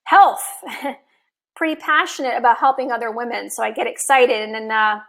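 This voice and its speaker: A woman in her fifties, a health coach speaking casually and eagerly on a live stream, a little hoarse after talking for an hour. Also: on the high side, fairly even intonation, normal speed, a bit bright. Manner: enthusiastic, chatty, with occasional laughs. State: slightly hoarse from long talking.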